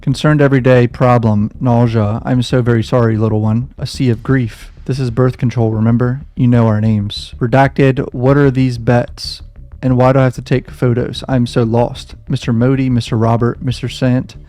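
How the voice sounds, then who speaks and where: A man's voice: medium pitch, little pitch movement, normal speed, dark tone. A man hosting a reaction video who reads a diary aloud and reacts with shaken, swearing anger.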